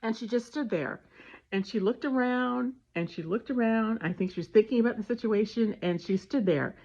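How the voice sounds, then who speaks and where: A woman casually telling a family story and giving parenting advice, animated and acting out the dialogue. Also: a little high, normal speed. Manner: animated retelling with voiced dialogue. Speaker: parenting vlogger. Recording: dull lo-fi sound.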